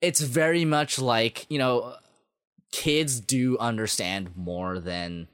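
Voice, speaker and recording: A man's voice: mid-range voice, slow pace, a bit bright, clean tone, no room sound, clean studio sound. Rambling, enthusiastic man in casual chat. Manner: rambling, filler-heavy, enthusiastic. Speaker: podcast co-host discussing an anime.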